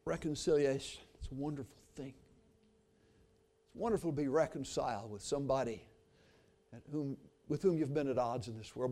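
An older man preaching a sermon, telling a story and then praying, earnest and swinging from hushed to emphatic. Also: mid-range voice, normal speed, pauses often.

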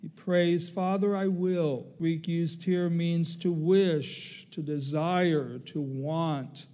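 A man preaching a sermon as pastor, measured and emphatic, quoting scripture in slow, stressed phrases. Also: fairly high pitch, steady tone, mellow.

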